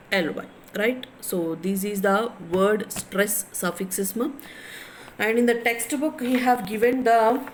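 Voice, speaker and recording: A woman English lecturer with an Indian English accent teaches at a very unhurried pace. She says each word aloud, then repeats it to drill the stress. A faint background hum sits under her voice. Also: medium pitch, darkish tone, low-quality recording.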